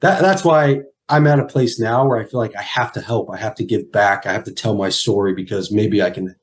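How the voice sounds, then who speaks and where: Emotional man telling his story. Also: fairly low pitch. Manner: earnest, halting with restarts. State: emotional, near tears. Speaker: guest, former pro football player.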